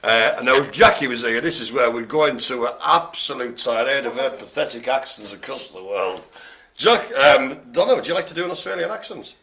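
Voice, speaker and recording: A man calling bingo with a bright, forward voice that swings up and down. He jokes, tells puns and laughs a lot, chatting away between the numbers. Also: mid-range voice, expressive, a little fast. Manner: chatty, rambling asides. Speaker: bingo host. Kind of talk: live-streamed bingo calling.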